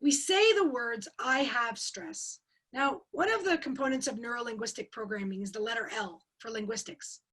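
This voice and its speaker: Brief: high-pitched woman coach, lively and quizzing, over a webcam call. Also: a little fast, hardly any pauses. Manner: energetic, asks the audience questions and repeats key words. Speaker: speaker at an online coaching forum. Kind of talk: interactive webinar teaching.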